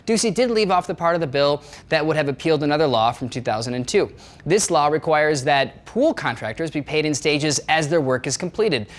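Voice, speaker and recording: Wry man reading satirical news. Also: fairly high pitch. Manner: wry, deadpan asides. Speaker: news anchor.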